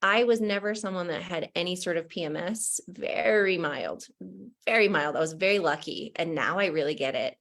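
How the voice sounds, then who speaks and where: A woman's voice: fairly low pitch, brisk, hardly any pauses, fairly bright tone. A middle-aged woman from New Jersey with a New Jersey accent, hosting a podcast in candid, casual conversation and laughing often. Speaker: podcast host.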